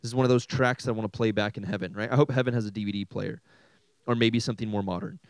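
A young man preaching to a high school group, animated and jokey, often asking the room questions. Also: very fast, clear, resonant tone, dry recording, low-quality recording. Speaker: youth pastor. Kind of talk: sermon.

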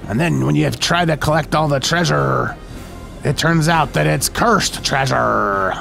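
A man's voice: on the high side, unhurried, creaky, fairly bright tone. A man hosting a gaming channel, giving upbeat, chatty let's-play commentary and now and then slipping into playful pirate talk. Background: game music.

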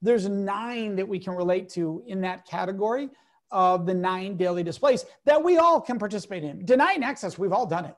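Animated man explaining with emphatic storytelling. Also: high-pitched, moderate pace. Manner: emphatic, lively, acts out quotes in different voices. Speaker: guest educator and speaker. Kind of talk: animated interview talk with acted-out anecdotes.

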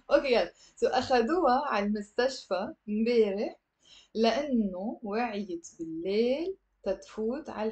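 Woman, Lebanese accent, language teacher, live online class, encouraging, slightly high voice. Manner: lively and encouraging, mixing English with Arabic.

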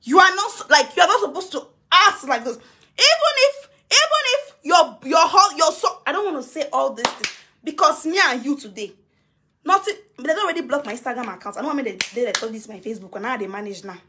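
A woman's voice: high voice, lively intonation, quick pace, noisy background. A woman with a Nigerian accent speaking straight into her phone camera on a live video, confronting someone. She talks emphatically, repeating her demands over and over and laughing now and then. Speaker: social media personality. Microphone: phone camera, face to face.

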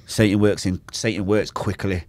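A man's voice: on the low side, steady tone, moderate pace, darkish tone, no room sound. A man telling an intense, emotional personal story as a podcast guest. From Manchester, England. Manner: intense, emotional, acts out quoted voices.

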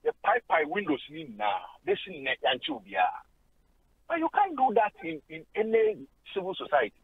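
A man's voice: very high voice, huge pitch swings, normal speed, creaky, breathy edge, no room sound. A man with a Ghanaian accent, a sports journalist on a radio phone-in, speaking emphatically and mixing Twi and English. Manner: indignant, emphatic, switches between Twi and English. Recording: tinny phone line.

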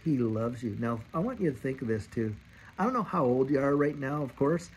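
A man's voice: mid-range voice, expressive, a little fast, slight background noise, rough recording. A man in his fifties giving an earnest, exhorting sermon and repeating his key phrases. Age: 50s. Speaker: Christian speaker.

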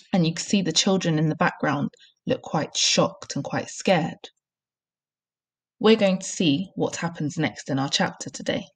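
A primary school teacher gives a recorded reading lesson, with clear, encouraging instructions. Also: female voice, fairly low pitch.

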